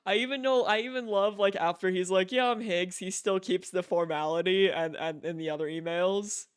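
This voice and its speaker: A male streamer chatting casually, easily excited and quick to laugh, often cutting himself off mid-thought. His voice is high for a man and comes through smooth and clear. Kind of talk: casual chat.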